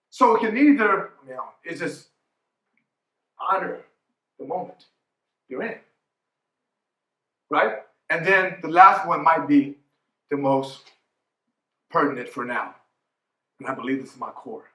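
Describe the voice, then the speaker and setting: A man's voice: a little high, lively intonation, a little slow, long pauses, fairly bright tone, echoey room. A man in his forties giving a motivational keynote talk as a coach, emphatic, often asking "right?". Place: conference hall.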